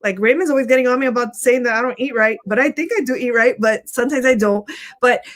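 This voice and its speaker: A woman's voice: a little high, quick pace. A middle-aged woman co-hosting a motivational talk show, talking with energy and often repeating herself. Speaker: co-host.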